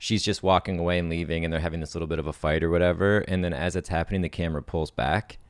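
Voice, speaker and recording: Deep-voiced young man musing. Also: steady tone, very fast, dry recording. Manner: easygoing, thinks aloud with fillers. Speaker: podcast co-host. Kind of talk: casual brainstorming chat.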